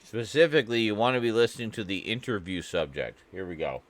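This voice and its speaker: A man's voice: fairly low pitch, fast. A man from Canada chatting casually and joking as he reacts to a clip, rambling and laughing often. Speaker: reaction video host.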